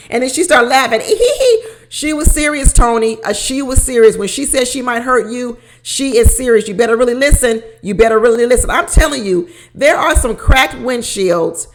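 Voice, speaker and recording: A woman hosting a casual reality show recap, animated and laughing often as she repeats her points. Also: on the high side, a little slow, a little hiss or hum. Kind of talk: casual commentary.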